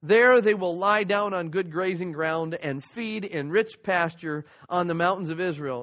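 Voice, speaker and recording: A man's voice: high-pitched, normal speed, hardly any pauses, fairly bright tone. A man preaching a sermon, teaching earnestly and reading scripture aloud. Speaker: pastor.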